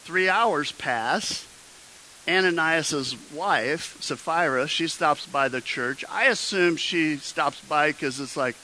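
A man's voice: a little high, slow, pushed and bright, poor audio. A man preaching a sermon, telling a story with jokes and acting out the quotes. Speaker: pastor. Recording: faint hiss.

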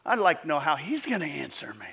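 A middle-aged man preaching a sermon in an animated, emphatic way, often restarting his phrases. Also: fairly high pitch, fast, creaky, breathy edge. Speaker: pastor.

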